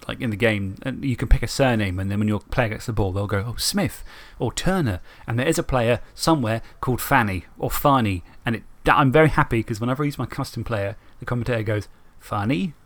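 A man's voice: medium pitch, quick pace, hardly any pauses. Chatty man on a podcast. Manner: chatty, rambling, laughs often. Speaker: podcast co-host. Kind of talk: casual chat about tabletop and video games.

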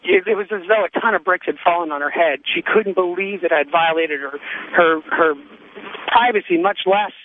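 A man's voice: high-pitched, normal speed, a little hiss or hum. A man calling in to a radio show, telling a long story with many ums and restarts over a phone line. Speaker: caller. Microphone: telephone.

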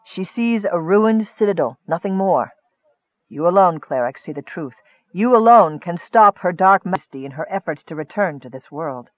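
A man voicing a sinister, soft-spoken male wizard who talks quietly and in a measured way. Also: high-pitched, lively intonation, no echo, lo-fi sound. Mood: grave.

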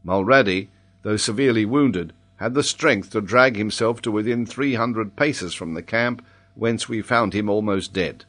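A man narrating an adventure novel as an audiobook, reading in a measured, even way. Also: lowish voice.

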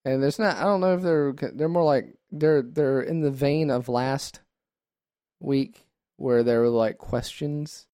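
A man of middle pitch jokes around as a podcast co-host, playful and goofy, sometimes dragging words out in silly voices. His voice is recorded dry and close. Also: measured pace, mellow, smooth, no room sound. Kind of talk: casual comedic chat.

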